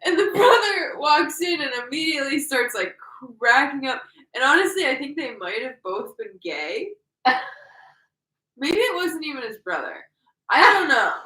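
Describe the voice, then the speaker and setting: A woman's voice: sits high, very animated, moderate pace, bright, forceful tone, far from the mic. A woman co-hosting a casual chat, telling stories and laughing through her words. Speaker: podcast co-host. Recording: echoey room, a bit off-mic.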